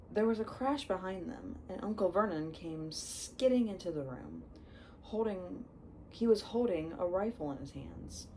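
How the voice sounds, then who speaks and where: A young woman reads a book aloud at an unhurried pace, stumbling over words and correcting herself. Her voice is low, mellow and soft-toned. A faint background noise runs behind her. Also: low-quality recording. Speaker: reader. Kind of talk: storybook read-aloud.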